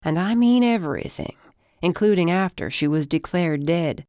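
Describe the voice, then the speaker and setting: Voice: medium pitch, expressive, moderate pace, darkish tone, no room sound, studio quality, natural voice. Narrator playing a stern commanding man. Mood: firm. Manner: firm, commanding.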